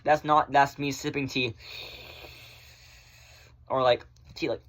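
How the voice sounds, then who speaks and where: A man chatting casually in a vlog, rambling through viewer questions and swearing freely, often in fast bursts. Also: mid-range voice, flat delivery, fairly bright tone. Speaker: vlogger answering viewer questions. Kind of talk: casual chat.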